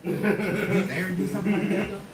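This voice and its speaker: A man with a high voice fires off quick, eager questions as an interviewer. He talks fast, and a loud crowd can be heard behind him. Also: steady tone. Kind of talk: interview talk.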